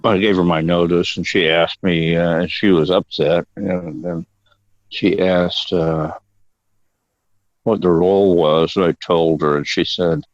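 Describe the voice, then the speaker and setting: A man's voice: deep voice, fairly even intonation, a little slow, no echo. An older man telling stories as an interview guest, rambling off on digressions and swearing casually. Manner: rambling and profane, prone to digressions. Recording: dull, dry lo-fi audio.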